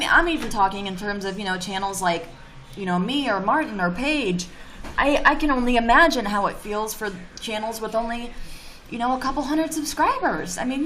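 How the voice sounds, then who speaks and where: A woman's voice: mid-range voice, fairly bright tone, a little hiss or hum. A woman livestreaming casual chat, reading viewer comments and ranting bluntly with plenty of swearing. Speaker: YouTuber streaming live.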